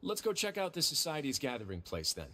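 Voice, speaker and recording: A man's voice: fairly high pitch, huge pitch swings, fast talker, pushed and bright, full character voice. An actor playing a composed, dryly wry male warden in a game. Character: composed, dry-humored male warden duke. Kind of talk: studio game voice acting. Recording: game audio with faint music.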